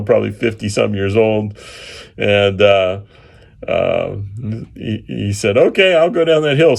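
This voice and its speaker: Low-voiced man telling a story. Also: creaky. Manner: unhurried, with frequent filler pauses and chuckles. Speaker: engineer telling a field story. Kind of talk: casual anecdotal storytelling.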